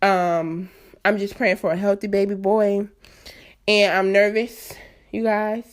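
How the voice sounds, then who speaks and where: A woman's voice: mid-range voice, little pitch movement, takes it slowly. A woman in her late twenties hosting a solo podcast, talking candidly and earnestly straight to her listeners in a chatty, emphatic way. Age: late 20s. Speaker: podcast host.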